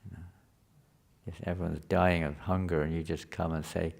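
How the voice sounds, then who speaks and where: Man, deep-ish voice, gravelly texture, informal scripture class, chatty, asks the room questions. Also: flat delivery, normal speed, darkish tone. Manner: conversational, often checks in with listeners with questions. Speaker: spiritual teacher giving a scripture class. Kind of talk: informal scripture lecture to a live group.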